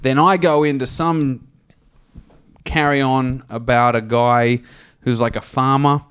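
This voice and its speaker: A man's voice: medium pitch, steady tone, takes it slowly, a bit bright, clean tone. A man, drunk, rambling through crude jokes and stories on a comedy podcast. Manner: rambling, laughing, acts out voices in stories. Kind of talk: casual crude banter and joke telling.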